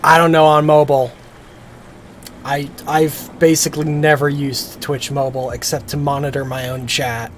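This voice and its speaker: A woman streaming a game, chatting casually and getting excited as she plays. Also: low voice, moderate pace, a little hiss or hum.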